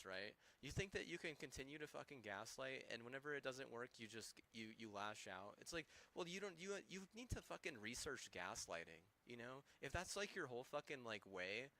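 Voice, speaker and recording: Young male streamer, bright and forceful tone, foul-mouthed rambling rant. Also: medium pitch. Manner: profane, heated, constant swearing; rambling, with many restarts. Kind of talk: ranting live-stream commentary.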